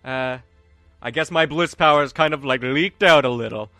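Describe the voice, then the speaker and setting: A man doing a brisk, bossy man. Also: medium pitch, bright, forceful tone, no echo, clean studio sound, soft background music. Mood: brisk, commanding. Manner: brisk, commanding. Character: bossy adult man keeping order on stage.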